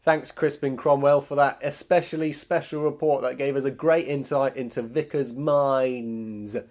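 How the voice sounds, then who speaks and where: A man playing a jaunty male news anchor, reading the links between segments in a brisk, theatrical way. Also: medium pitch, fairly even intonation, a little mellow, lightly acted. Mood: upbeat.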